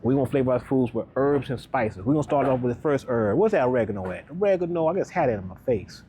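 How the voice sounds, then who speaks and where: A man working as a wellness coach, talking through his shopping in casual vlog style, upbeat and chatty, checking in with the viewer with a quick "right?" as he walks the aisles of a grocery store. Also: mid-range voice, expressive, warm tone, a little hiss or hum.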